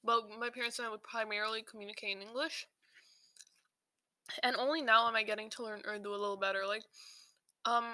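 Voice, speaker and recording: A young woman hosts a podcast in loose, rambling chat. She keeps restarting her sentences and filling gaps with "like". Her voice is bright and a little high, and the dry recording has almost no room sound. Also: fairly even intonation, a little fast, long pauses, dry recording. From South Asia. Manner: rambling, many fillers and restarts. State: slightly out of breath while eating. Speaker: podcast host.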